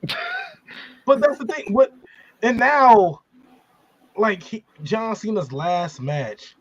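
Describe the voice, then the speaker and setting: A man's voice: high-pitched, sing-song, slow, muffled recording, a little hiss or hum. A man hosting a casual wrestling podcast, talking emphatically and ranting with rising volume. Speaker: podcast host.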